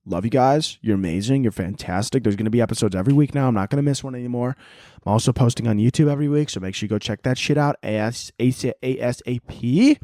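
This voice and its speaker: A man hosting a podcast in a casual comedic rant, talking in a profane, animated way and laughing often. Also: medium pitch, no room sound, clean studio sound. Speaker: podcast host.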